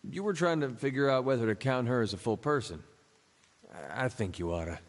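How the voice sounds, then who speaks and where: An actor voicing a big, smoking, wry man in a fantasy video game, speaking in a dry, sardonic, unhurried way. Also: mid-range voice, expressive, natural voice. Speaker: game character. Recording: long reverb.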